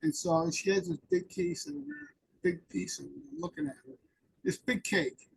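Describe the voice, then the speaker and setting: Guy with a high raspy voice rambling through recovery stories, acts out the back and forth. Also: big pitch swings, moderate pace, rough recording. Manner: rambling anecdotal storyteller, acts out dialogue. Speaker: interview guest. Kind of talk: personal recovery storytelling.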